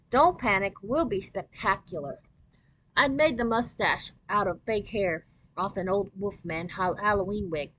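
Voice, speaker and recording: A woman reading a children's novel aloud in an expressive storytelling voice. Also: medium pitch, rough recording.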